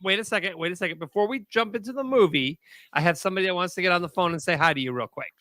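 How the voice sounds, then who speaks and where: Quick, high-voiced male co-host. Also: bright, forceful tone, no room sound. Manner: upbeat, moves the show along. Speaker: co-host taking calls. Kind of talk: radio-style show hosting.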